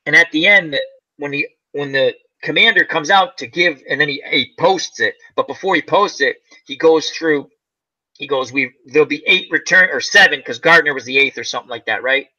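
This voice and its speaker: A man's voice: fairly high pitch, normal speed, sharp tone. A man hosting a casual chat, rambling through a movie plot and acting out its lines. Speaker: channel host. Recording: dull lo-fi sound.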